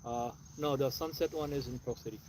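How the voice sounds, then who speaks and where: A man off to the side chiming in with quiet, brief remarks, away from the mic. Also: medium pitch, steady tone, brisk, slight background noise, low-quality recording. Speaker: friend off camera.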